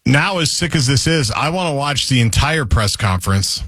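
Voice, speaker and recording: A man's voice: mid-range voice, expressive, fairly bright tone, no echo. Wry co-host man, dry close mic. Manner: dry, wry jokes and quick asides. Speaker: sports radio co-host. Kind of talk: casual sports talk radio banter.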